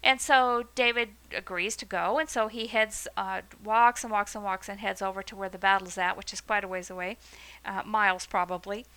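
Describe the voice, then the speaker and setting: Brief: woman teacher, casual, animated retelling, crisp bright tone. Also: mid-range voice, moderate pace, rough recording. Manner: lively, conversational, frequent fillers and asides. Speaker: Bible teacher. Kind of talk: casual Bible storytelling lesson.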